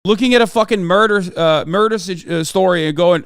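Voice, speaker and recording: A man's voice: high-pitched, brisk, hardly any pauses, a bit bright, smooth, dry recording, studio quality. A man streaming a reaction, arguing heatedly with chat in blunt, profane language. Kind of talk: live-stream reaction rant.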